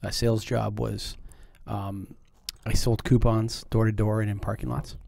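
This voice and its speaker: A man's voice: fairly low pitch, little pitch movement, unhurried, creaky, a little mellow, no echo, studio quality. A man hosting a podcast in casual chat, brash and chatty, who keeps calling people dude. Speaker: podcast host.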